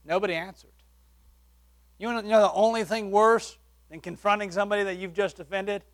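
A man preaching, telling a personal testimony with animated shifts between loud and soft. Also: high voice, fairly quick. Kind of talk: sermon testimony story.

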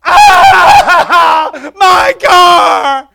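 A man's voice: extremely high pitch, huge pitch swings, very slow, vocal fry, bright, forceful tone, raised voice, pitched above the performer's own voice, exaggerated voice. A man voicing a big, angry young man who overreacts in shrieking outrage. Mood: wailing. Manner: shrieking, overdramatic.

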